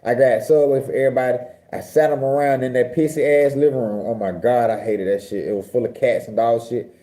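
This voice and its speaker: A young man from Georgia, telling a story in a casual, profane, animated way. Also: medium pitch, a little fast. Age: young adult. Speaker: vlogger.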